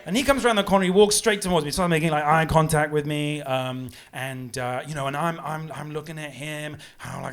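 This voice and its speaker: A man doing a rambling stand-up comedy set, animated and giggling at his own jokes. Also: fairly high pitch, a little fast, few pauses. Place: pub comedy room with live audience. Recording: live audience laughter and applause.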